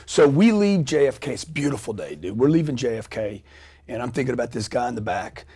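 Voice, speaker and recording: Animated, swearing middle-aged man telling a story. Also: medium pitch, brisk, breathy edge. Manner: animated, profane, acts out scenes with sound effects. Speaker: guest. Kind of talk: storytelling in a podcast interview.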